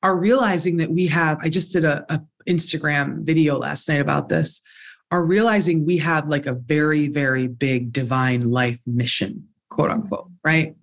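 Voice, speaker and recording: Effusive, excitable podcast host. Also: medium pitch, normal speed. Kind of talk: podcast interview.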